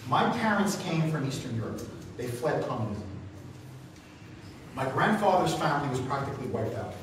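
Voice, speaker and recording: A man who hosts a radio talk show speaks to a meeting. He tells stories with passion and rises to loud exclamations. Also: medium pitch, very animated, moderate pace. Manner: impassioned storyteller, rising to loud exclamations. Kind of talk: speaking to a meeting, answering questions. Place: meeting room. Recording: echoey hall, speaker far from mic, faint noise.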